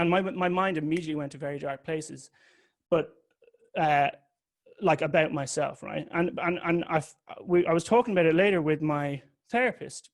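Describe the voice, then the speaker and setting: A man giving a candid, confessional talk that mixes a personal story with occasional swearing. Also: fairly high pitch. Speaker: public speaker.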